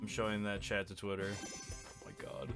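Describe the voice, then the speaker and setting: A man's voice: fairly low pitch, flat delivery, moderate pace, music in the background. A man streaming a game, chatting casually with sarcastic, joking asides. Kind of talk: casual let's-play commentary.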